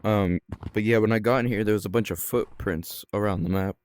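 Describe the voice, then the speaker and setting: Rambling low-voiced gaming vlogger. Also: male voice, steady tone, a little fast. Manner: rambling, full of ums and restarts. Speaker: gaming channel host. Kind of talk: casual gameplay commentary.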